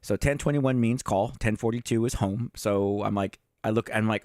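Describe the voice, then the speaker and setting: A man's voice: fairly low pitch, normal speed, hardly any pauses, darkish tone, dry recording, clean studio sound. A man in his fifties, a retired police chief, telling stories in a casual livestream chat. He talks straight to his viewers and swears now and then. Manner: conversational, addresses viewers directly, swears casually.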